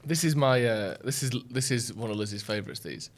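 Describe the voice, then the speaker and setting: Animated jokey man. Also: medium pitch, a little fast. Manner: animated, jokey, stumbles and repeats words. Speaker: podcast co-host. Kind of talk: casual chat.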